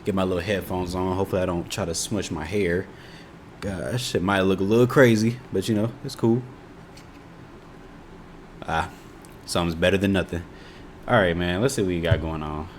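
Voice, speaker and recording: A man's voice: low-pitched, normal speed, pauses often, slight background noise. A man in his twenties with an Indiana accent, reacting casually to videos, laid-back and laughing often between exasperated remarks. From Indiana, USA. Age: 20s.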